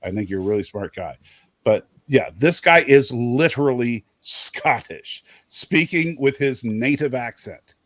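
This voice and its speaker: A man with a mid-range voice and lively intonation hosts a livestream, chatting casually about a show with his chat. He speaks a little slowly on a dry recording, teasing his co-host and stumbling over restarts.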